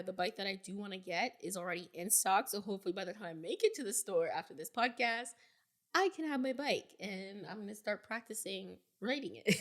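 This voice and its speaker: A woman's voice: mid-range voice, fairly bright tone. A woman in her twenties co-hosting a podcast, telling stories in a chatty, rambling way. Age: 20s. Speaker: podcast co-host. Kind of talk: casual chat.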